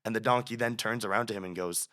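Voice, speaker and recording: A young man in his twenties speaks as a podcast guest, with a somewhat low voice. He tells stories animatedly and often restarts his phrases. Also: fairly even intonation, fast, a bit bright. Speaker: student guest. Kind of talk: casual podcast interview.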